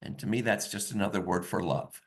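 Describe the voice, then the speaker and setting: A man telling a personal story over a video call, in a slow, reflective and intimate way. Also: on the low side, fairly even intonation.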